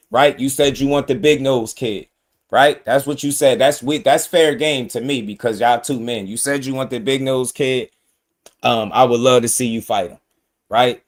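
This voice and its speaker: Male boxing commentator, mid-pitched voice, direct and emphatic, talks straight at the fighters. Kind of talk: casual opinion commentary.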